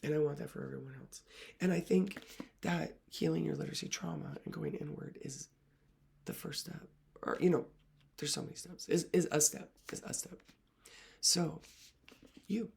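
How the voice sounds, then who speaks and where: A woman literacy coach talks straight to her viewers in an earnest, emotional way. Her voice carries a strong gravelly fry, and she often lets her words fall away into a breathy near-whisper. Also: sits low, moderate pace, long pauses. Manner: soft-spoken, often dropping to a whisper. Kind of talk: reflective talk to camera.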